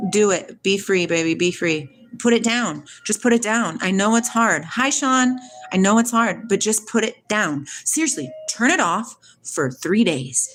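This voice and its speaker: A woman hosting a casual spiritual livestream, talking back to her chat in an excitable, preachy way. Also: mid-range voice, measured pace, soft background music. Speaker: livestream host reading chat.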